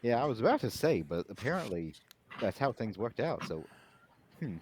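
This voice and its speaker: Male player, wildly expressive pitch, teasing mock-formal banter. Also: moderate pace, a little hiss or hum. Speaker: tabletop player. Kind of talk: in-character tabletop play.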